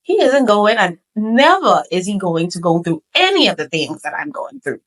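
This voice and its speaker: A woman's voice: mid-range voice, sing-song, normal speed, poor audio. A young woman gives an earnest, preacherly testimony as a podcast guest, repeating phrases for emphasis. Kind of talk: emotional testimony.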